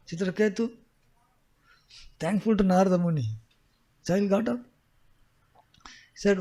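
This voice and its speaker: A male spiritual teacher tells a scripture story to a class. His voice sits high, and he chuckles often. He repeats key phrases for emphasis. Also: lively intonation, normal speed, pauses often, a little mellow.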